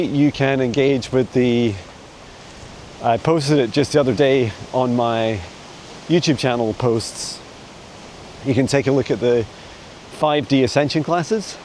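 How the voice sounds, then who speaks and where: A man's voice: mid-range voice, a little slow, slight background noise, low-quality recording. Chatty man vlogging on a forest walk. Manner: chatty and meandering, with frequent soft laughs. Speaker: psychic mentor answering viewer questions. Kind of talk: casual walking vlog. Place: forest outdoors. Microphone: handheld phone camera while walking a dog.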